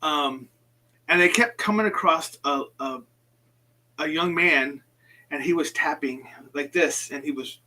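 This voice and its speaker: A man's voice: on the high side, a little slow, pushed and bright, poor audio. A man hosting a casual chat, passing on stories with frequent ums. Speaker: host.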